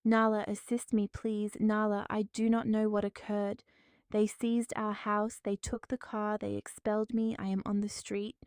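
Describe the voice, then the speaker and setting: A woman voicing a ruined husband who pleads hysterically for help, in a mellow, smooth voice. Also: medium pitch, little pitch movement, a little slow, no echo, natural voice. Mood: pleading. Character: desperate ruined man, pleading and sobbing.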